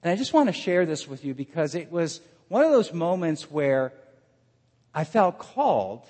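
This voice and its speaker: A man preaching a sermon and telling the story dramatically, his voice swinging between loud and hushed. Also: on the high side, big pitch swings, moderate pace, in a large hall.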